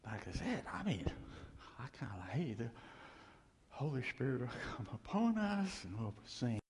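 A male preacher delivering a sermon, swinging from loud emphasis to hushed near-whispers and acting out quoted voices. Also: mid-range voice, big pitch swings, normal speed. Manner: acts out voices of doubters and God in quotes. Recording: long hall reverb.

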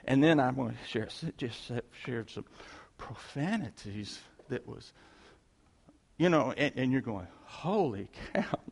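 Man with gravelly voice in echoey hall. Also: mid-range voice. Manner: rambling, halting storytelling with chuckles. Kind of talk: informal testimony to a congregation. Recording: long hall reverb.

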